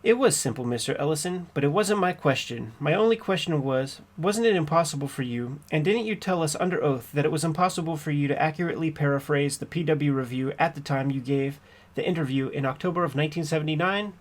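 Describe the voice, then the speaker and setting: A man's voice: on the high side, fast, close to an everyday voice. A man reading the part of a persistent trial lawyer cross-examining a witness, in a methodical questioning manner. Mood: pressing. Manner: pointed, methodical questioning with "uh" fillers. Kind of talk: reading a court transcript aloud.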